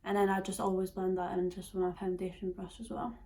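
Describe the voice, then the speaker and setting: A woman's voice: medium pitch, completely flat delivery, fairly quick, warm tone. A nineteen-year-old Scottish woman chatting casually through a makeup tutorial, full of fillers and dropping into whispers at times. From Scotland. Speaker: beauty vlogger.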